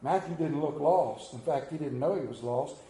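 A man's voice: on the high side, normal speed, dark tone, echoey room, rough recording. A man preaching a sermon as pastor, telling stories with rising and falling emphasis.

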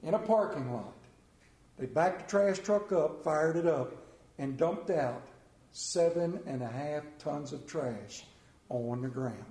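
A man's voice: fairly high pitch, expressive, takes it slowly, dark tone, echoey room. A man preaching a sermon in a church, telling a folksy story and asking the congregation questions. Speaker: pastor. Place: church sanctuary.

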